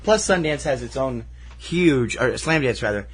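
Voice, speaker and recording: A man's voice: mid-range voice, lively intonation, moderate pace, slightly rough. A man co-hosting a casual film podcast, wry and teasing, rambling with fillers as he runs through festival titles. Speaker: podcast co-host.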